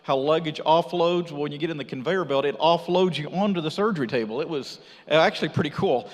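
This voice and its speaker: In a reverberant church sanctuary, a man from Texas tells his missionary testimony in a slightly high voice, a little fast and with hardly any pauses. He's an animated storyteller who acts out what others said as he goes.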